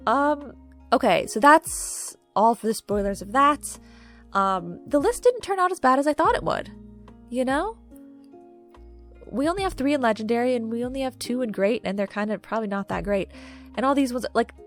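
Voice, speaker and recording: A woman chatting casually to camera while ranking movies, gushing and filling pauses with "um" and "like". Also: fairly high pitch. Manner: chatty, gushing, many fillers. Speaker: video creator ranking movies. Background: faint background music.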